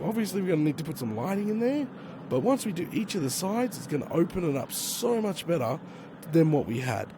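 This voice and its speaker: An Australian man with a hoarse, failing voice, chatting casually to himself while he plays a game. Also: fairly high pitch, background noise. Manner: chatty, muttering to himself with slang exclamations. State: hoarse, losing his voice. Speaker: gaming YouTuber. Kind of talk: casual gameplay commentary.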